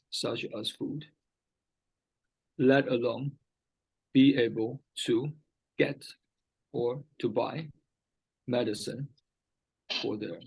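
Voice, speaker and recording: This is a rough recording of a man whose mid-range voice is creaky and slightly rough. Tutoring a single student in English vocabulary, he patiently repeats key words and keeps checking whether they understand.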